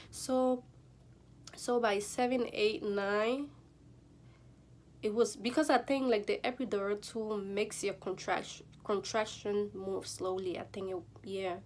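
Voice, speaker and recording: A woman's voice: mid-range voice, darkish tone. A young woman vlogger casually retelling a personal story, emotional, with many fillers and quoted pleas.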